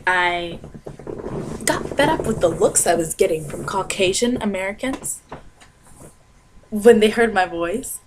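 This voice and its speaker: Young adult woman vlogger, conversational rant, laughs through it, slow easy delivery. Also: mid-range voice, expressive, a little hiss or hum. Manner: chatty, laughs often, many fillers. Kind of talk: casual rant to camera.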